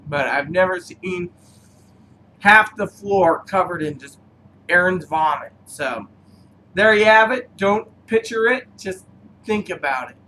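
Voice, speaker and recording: A man reviewing cigars who rambles through personal stories, halting often with fillers. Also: high voice, sharp tone, a little hiss or hum, low-quality recording. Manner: meandering, halting, full of fillers.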